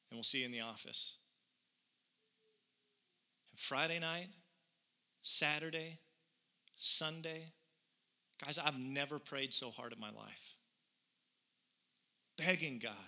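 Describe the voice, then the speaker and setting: A man's voice: on the high side, bright, forceful tone. A man in his thirties preaching a sermon, telling a personal story earnestly and building to conviction. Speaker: pastor.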